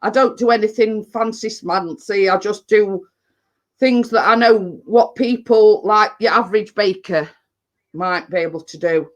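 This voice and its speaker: This English-accented woman is a baking vlogger chatting casually on a live stream. She speaks at a measured pace in a medium pitch, blunt and rambling, with lots of fillers and "you know what I mean."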